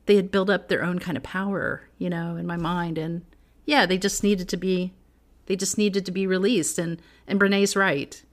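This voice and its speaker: A woman's voice: fairly low pitch, flat delivery, moderate pace. A middle-aged woman co-hosting a casual faith podcast, telling personal stories earnestly and laughing often. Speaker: podcast co-host.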